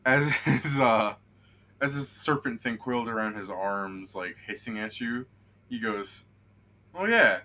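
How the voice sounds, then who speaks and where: Bright-toned man running a tabletop game. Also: fairly low pitch, steady tone, measured pace. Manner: rambling, laughing, with many fillers. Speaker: game master. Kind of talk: narrating a tabletop game on a stream.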